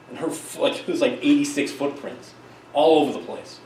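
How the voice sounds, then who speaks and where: Man giving an animated keynote in an echoey hall. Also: medium pitch, normal speed, pauses often, slight background noise. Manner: lively, emphatic storytelling with asides. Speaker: keynote speaker, psychologist. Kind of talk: conference keynote talk. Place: conference hall. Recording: echoey hall, distant mic, faint ambience.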